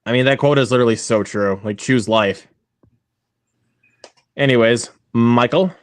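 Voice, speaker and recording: Excitable young man stumbling over words. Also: medium pitch, normal speed, a little hiss or hum. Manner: excitable, stammering with many filler words. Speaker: quiz contestant. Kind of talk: casual chat.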